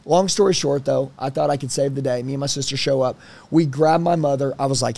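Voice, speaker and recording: Gravelly, blunt-talking man. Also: mid-range voice, brisk. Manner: blunt, animated, swears casually. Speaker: guest. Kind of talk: casual interview storytelling.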